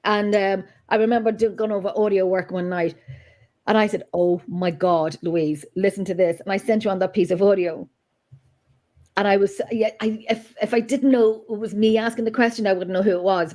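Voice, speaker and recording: A woman's voice: mid-range voice, fairly even intonation, fairly quick, darkish tone. A woman, a guest paranormal investigator, chatting casually and rambling with frequent laughs. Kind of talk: casual chat.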